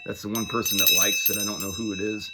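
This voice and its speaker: A man's voice: on the low side, flat delivery, quick pace, heavy background noise. A man in his forties talking in a rambling, self-deprecating, upbeat casual monologue for his vlog. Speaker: vlogger.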